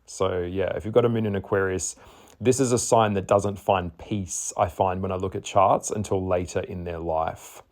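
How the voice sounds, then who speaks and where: Male astrologer, low-pitched, frank and chatty, casual spoken reading. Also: steady tone, normal speed, darkish tone. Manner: candid, chatty, swears, laughs often.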